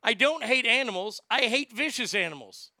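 A man's voice: very high-pitched, expressive, normal speed, pushed and bright, dry recording. A man delivering a profane, blustering comedic rant, stammering when worked up.

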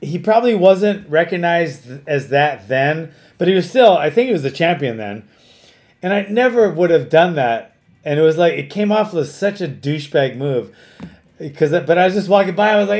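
A middle-aged man hosting a podcast, telling stories in casual chat, animated and full of fillers and restarts. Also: high voice, normal speed.

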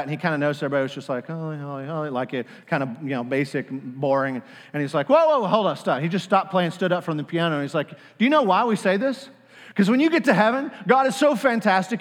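A man preaching a sermon, animated, leading the congregation in call-and-response. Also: a little high, in a large hall. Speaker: pastor.

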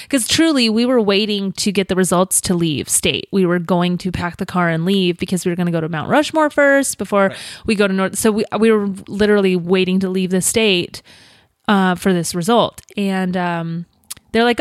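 Woman, home podcast co-host, animated storyteller, dry close sound. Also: medium pitch, moderate pace, no echo. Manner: animated, chatty, acts out quotes. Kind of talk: casual storytelling chat. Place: home room.

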